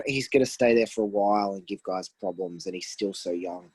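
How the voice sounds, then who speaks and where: A man's voice: lowish voice, lively intonation, normal speed, breathy edge, no room sound, rough recording. An Australian man co-hosting a podcast over a remote call, chatting easily about fights. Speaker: podcast co-host. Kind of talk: casual sports chat.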